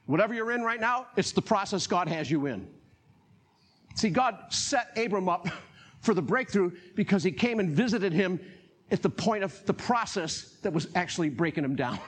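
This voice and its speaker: Lively, husky-voiced preaching man. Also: high-pitched. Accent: North Carolina. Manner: animated, laughing often, acting out voices. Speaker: pastor. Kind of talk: sermon.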